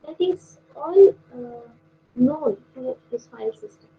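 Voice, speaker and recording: A woman lecturer with a high voice teaches an online class, walking through each point with pauses and fillers. Her voice comes through a video call that sounds dull and lo-fi, with a faint hiss underneath. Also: animated. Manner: explanatory, with frequent pauses and fillers.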